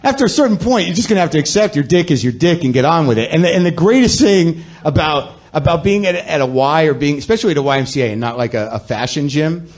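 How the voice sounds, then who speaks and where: A man's voice: fairly high pitch, lively intonation, fast, hardly any pauses. A man with a slightly raised voice rants through a comic monologue. He is sardonic and self-deprecating, and he performs to a live audience. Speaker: podcast host.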